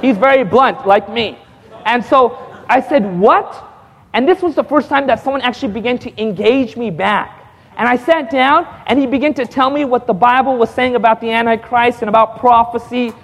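High-voiced male preacher in an echoing hall. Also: moderate pace. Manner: lively storytelling, acting out dialogue with frequent chuckles; calls out to the audience for responses. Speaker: evangelist. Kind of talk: testimony preached to a congregation.

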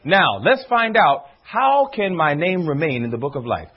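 A man preaching a sermon to a congregation, using rhetorical questions and slowing down on words he stresses. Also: on the high side, breathy edge. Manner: animated preaching, rhetorical questions, drawn-out emphasis. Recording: dull lo-fi recording.

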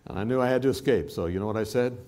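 A man's voice: fairly low pitch, rapid-fire. A male preacher giving a sermon in a church, telling stories with humor and laughter. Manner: animated storytelling with laughter.

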